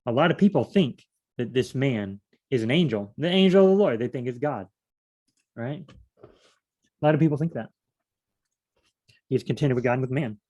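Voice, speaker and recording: A man leading a casual solo Bible study, reading verses aloud and then musing on them out loud with questions. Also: medium pitch, expressive, moderate pace, long pauses, dull audio.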